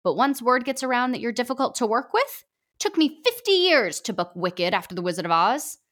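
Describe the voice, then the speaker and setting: A seasoned, stern witch villain who delivers warnings loudly and high in a theatrical storybook voice, as a woman narrator puts her on. Her pitch swings widely. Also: big pitch swings, fairly quick. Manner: loud, warning, stagey.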